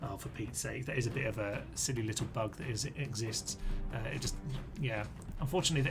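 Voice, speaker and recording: A man's voice: mid-range voice, fairly bright tone. An Englishman streaming a strategy game live, thinking aloud in a chatty way and talking to his own units. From England.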